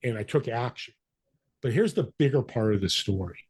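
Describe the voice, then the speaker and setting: A husky-voiced man tells a story as a podcast guest, switching into the voices of the people he quotes. His pitch sits in an ordinary middle range. The sound is dry and close, with no room around it. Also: animated, normal speed, darkish tone, no echo. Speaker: podcast guest, business connector. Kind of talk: storytelling interview talk.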